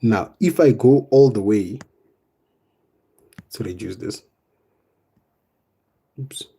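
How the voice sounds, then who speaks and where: A young man teaching math in a live online exam revision lesson, casual and step by step, often tagging on "right?" and "boom". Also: takes it slowly, warm tone, slightly rough. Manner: explains step by step, coaxing students.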